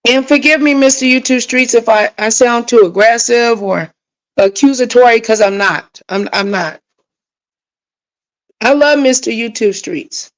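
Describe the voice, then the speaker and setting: Woman, livestream host, AAVE, higher voice, emotional, on a rant, talking back to chat. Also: measured pace, rough recording.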